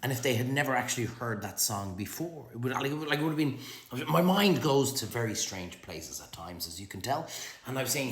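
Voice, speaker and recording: A man's voice: mid-range voice, big pitch swings, brisk, echoey room. Ranting Irish man with a flu. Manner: blunt, ranting, sweary. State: sick with flu, throat clearing. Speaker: restaurant owner and vlogger. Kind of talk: direct-to-camera opinion vlog.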